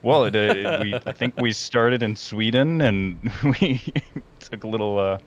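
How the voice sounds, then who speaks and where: A man playing a tabletop game, talking casually in a halting, hesitant way with many fillers. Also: lowish voice, lo-fi sound. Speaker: player.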